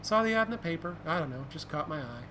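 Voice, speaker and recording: A man's voice: a little high, expressive, quick pace, background noise, lightly acted. A man raising his voice to read a guarded young policewoman. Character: young female police officer, reserved.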